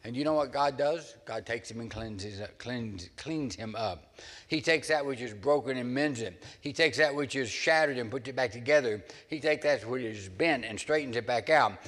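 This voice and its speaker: A man's voice: mid-range voice, normal speed, fairly bright tone. A man preaching a sermon as pastor, earnest, rising into dramatic scripture readings. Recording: long hall reverb.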